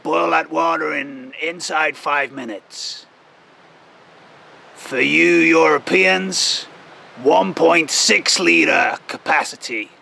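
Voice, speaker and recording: A folksy, gruff old wilderness wanderer, as a man puts him on shows off bushcraft gear by the fire. His voice is heavily gravelly and sits a bit high, with a sharp, bright edge. He takes his time, drawling each line slowly. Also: a little hiss or hum, exaggerated voice, low-quality recording. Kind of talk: folksy character presentation. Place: outdoors by a campfire.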